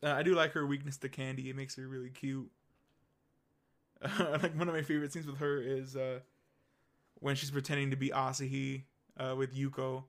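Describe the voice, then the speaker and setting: A young man chats casually as a podcast co-host, his voice sitting at an ordinary middle pitch. He rambles enthusiastically, piling up fillers and restarts as he goes. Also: flat delivery, normal speed. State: hiccups. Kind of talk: casual chat.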